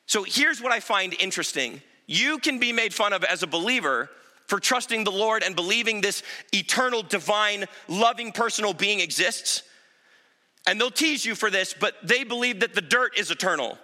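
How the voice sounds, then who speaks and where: A man preaching a sermon as pastor, conversational, dropping low and quiet to land his points. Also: animated, moderate pace. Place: church sanctuary. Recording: reverberant hall.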